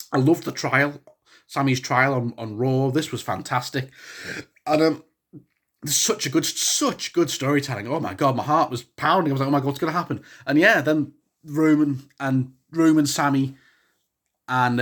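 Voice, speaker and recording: Young guy rambling excitedly about wrestling, voice on the higher side, keeps restarting sentences. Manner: excitable, bursts into shouts at big moments. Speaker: wrestling show reviewer. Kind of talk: casual spoken review.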